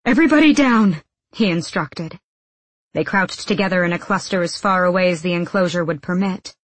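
A woman narrating an audiobook in a steady, measured storytelling voice. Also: on the low side, no room sound. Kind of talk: scripted narration.

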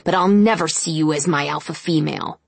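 A woman's voice: low voice, brisk, gravelly, dry recording. A woman reading an audiobook and voicing a cranky, witchy old grandmother werewolf who mutters sourly. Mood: sour grumbling. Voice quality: muttering, sour.

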